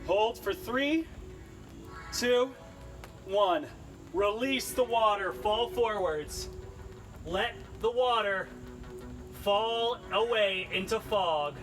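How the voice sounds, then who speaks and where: A man's voice: high voice, drawn-out words, pauses often, fairly bright tone, soft background music. A man leading a live-streamed workout class, upbeat and cheery, cracking puns between exercise cues. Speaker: fitness instructor. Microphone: camera mic he adjusts.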